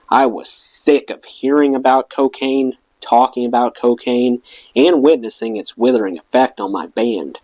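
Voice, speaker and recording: A man's voice: mid-range voice, a little mellow, dry recording, poor audio. A man reading a rock memoir aloud as an audiobook, giving the quoted lines their own voices. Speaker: audiobook reader.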